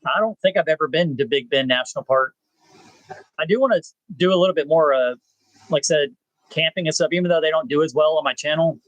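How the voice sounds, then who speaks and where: A man, hosting a rambling live chat with viewers, pausing often with "uh". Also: on the high side, fairly bright tone, dry recording, rough recording. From South Texas. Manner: laid-back, rambling, frequent "uh" pauses. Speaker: channel host.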